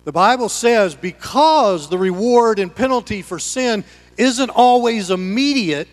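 A man preaching a sermon as pastor, swinging between loud emphatic lines and hushed ones. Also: high-pitched, expressive, measured pace. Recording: long hall reverb.

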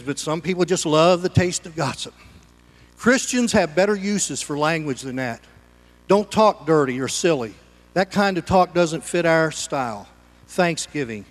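A man's voice: on the high side, in a large hall. A man preaching a sermon as pastor, folksy and conversational, with homespun humor.

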